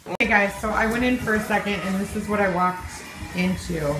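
Filming her family at home and in a store on a handheld camera, a mother chats casually and teasingly to viewers in a family vlog. Her medium-pitched voice runs a little fast over music and background noise, and the recording quality is low.

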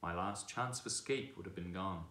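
Read aloud by a man from a storybook, this is a proud war stallion who talks briskly with a scornful, commanding air, sometimes contemptuous. His very deep, low voice has a bright, forceful tone and a rueful mood, echoing around the room.

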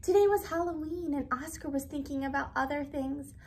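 A woman teacher reading a storybook aloud in an expressive, animated way. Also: high-pitched, brisk.

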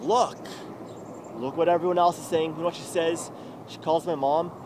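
A man's voice: on the high side, fairly even intonation, normal speed, background noise. A man delivering a bitter, agitated confessional vlog monologue with heavy swearing, recorded outdoors by a road.

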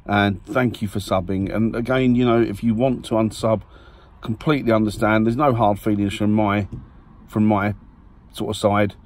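A man's voice: fairly low pitch, steady tone, normal speed, few pauses. A man vlogging casually to his viewers from his car, rambling and correcting himself as he talks. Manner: rambling, self-correcting, friendly. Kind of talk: casual vlog to camera. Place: parked car.

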